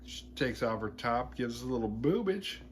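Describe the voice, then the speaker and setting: A man hosting a horror movie podcast, retelling a film's plot in a casual, animated and playfully crude way. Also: mid-range voice, moderate pace, slight background noise.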